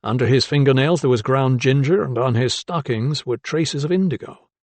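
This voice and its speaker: A man voicing a young anatomist in an audiobook, giving polite, measured replies to his elders. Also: mid-range voice, darkish tone, no room sound, close to an everyday voice. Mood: respectful. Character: young male anatomist, earnest, respectful, guarded.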